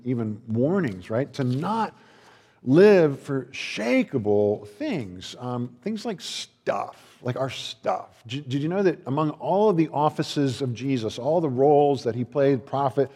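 This pastor's sermon is relaxed and chatty, full of restarts and playful bits where he acts out what others said. His medium-pitched voice is mellow with a breathy edge, echoing with the long reverb of a large hall.

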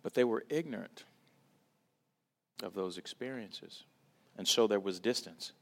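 A man delivers a church talk, recounting a personal story in a preaching style and performing the voices of people he quotes, swinging from loud to hushed. His voice is on the low side, with vocal fry and an unhurried delivery.

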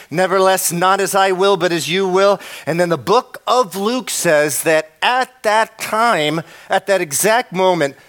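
A pastor preaches with a somewhat high voice. He drops to near-whispers for quiet points, then climbs in pitch and volume as he acts out the prayers he describes. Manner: swings from hushed to shouting, acts out prayers. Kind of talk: sermon.

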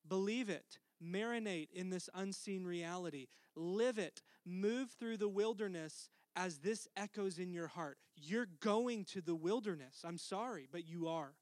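A middle-aged man preaching a sermon as pastor, earnest, dropping to a soft hush for tender lines. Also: sits high, a little slow, hardly any pauses, dry recording.

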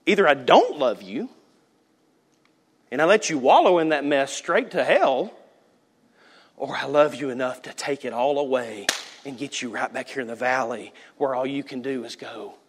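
A man preaching a sermon, swinging between loud, animated passages and hushed asides. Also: mid-range voice, moderate pace, slightly rough. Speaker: pastor.

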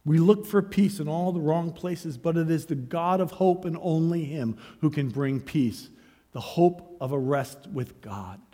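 A man preaching a sermon as pastor, swinging between hushed, searching questions and loud, rising calls to the congregation. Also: fairly high pitch, measured pace. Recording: long hall reverb.

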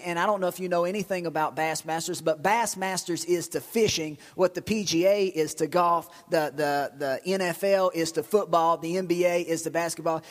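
High-voiced preacher in a reverberant hall. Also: male voice. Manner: lively storytelling with shouts and repetitions. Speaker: pastor. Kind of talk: sermon. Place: church.

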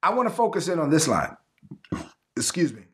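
A man delivers a sermon with a voice sitting a touch high for a man. He reads scripture aloud and slips into animated voices to act out the stories, speaking to an online audience. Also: brisk. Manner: animated, acts out Bible scenes in voices. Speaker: pastor.

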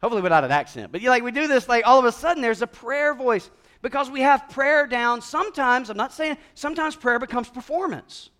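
A man preaching a conversational sermon, moving from hushed, slow passages to loud, emphatic ones. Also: very high-pitched. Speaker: pastor.

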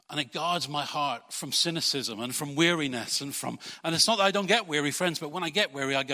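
A pastor preaching a sermon with a fairly high, bright voice. He fires rhetorical questions at the congregation and moves between loud urging and hushed earnestness. His words ring out with a long reverb, as in a church hall. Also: fairly quick.

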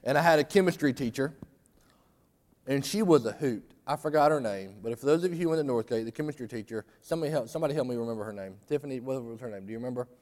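Man, sermon, animated conversational preaching, reverberant hall. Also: medium pitch, quick pace. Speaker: pastor. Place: church sanctuary.

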